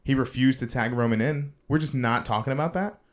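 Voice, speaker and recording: A man's voice: medium pitch, a little fast, a little hiss or hum. A man co-hosting a podcast in casual chat, enthusiastic and joking, swearing casually. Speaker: podcast co-host.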